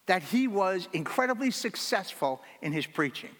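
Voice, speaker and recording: High-voiced man preaching in a reverberant hall. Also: sing-song, moderate pace, fairly bright tone. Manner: earnest preaching, repeating key phrases for emphasis. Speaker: pastor. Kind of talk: sermon.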